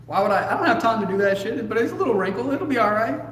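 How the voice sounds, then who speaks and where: A man's voice: sits high, expressive, rapid-fire, a bit bright. A man co-hosting a casual livestream, reading viewer comments aloud and answering them in a joking, laid-back way with casual swearing. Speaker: co-host. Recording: echoey room with faint noise.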